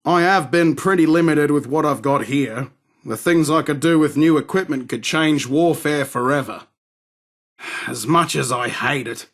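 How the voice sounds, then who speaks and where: A cocky arms dealer. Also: male voice, on the high side. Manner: sardonic, swaggering, rude. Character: cocky, crude male London arms dealer. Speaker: game character. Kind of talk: game voice acting.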